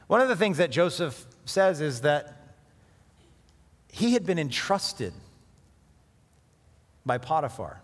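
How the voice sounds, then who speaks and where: Animated male preacher in a reverberant hall. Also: fairly high pitch, slow, pauses often. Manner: animated, conversational preaching with sudden emphatic rises. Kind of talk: sermon.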